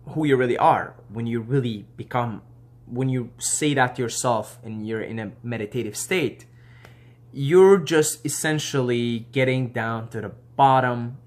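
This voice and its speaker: A man's voice: mid-range voice, a bit bright. A man talking casually to the camera, laid-back and rambling with slangy asides and frequent laughter. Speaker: video host.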